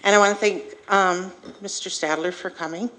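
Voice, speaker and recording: A woman's voice: medium pitch, fairly even intonation, moderate pace, sharp tone, rough recording. A woman, a union chapter representative, giving a chatty and upbeat report at a board meeting from a podium microphone, with frequent fillers.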